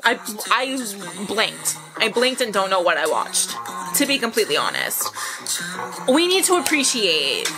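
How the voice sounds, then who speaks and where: Young woman fangirling over a music video, squeals n gasps, slow drawn out talk, music blasting behind. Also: mid-range voice, huge pitch swings. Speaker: reaction video host. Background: loud music video playing.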